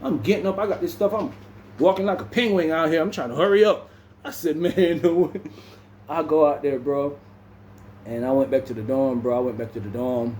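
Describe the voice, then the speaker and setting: Young guy telling a story, says bro nonstop, kinda high voice, little room noise. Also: fairly quick, a little mellow, echoey room. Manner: laid-back, says "bro" constantly, acts out other people's lines. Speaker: vlogger. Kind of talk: casual storytelling to camera.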